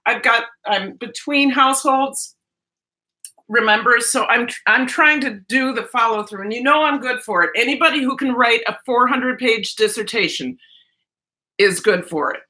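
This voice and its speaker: Middle-aged woman, chatty live-stream host, bright tone, fairly high voice, talks through the lips, rambling. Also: normal speed. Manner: chatty and rambling, with frequent restarts; talks mostly with the lips, barely moving the jaw. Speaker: vlogger live-streaming while cooking breakfast. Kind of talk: casual chat with live chat viewers.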